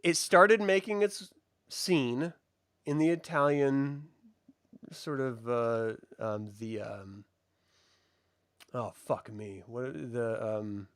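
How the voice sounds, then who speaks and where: A man co-hosting a casual, profane review chat, animated and laughing often. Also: medium pitch, slow, pauses often, no echo. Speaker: podcast co-host reviewing a baking show.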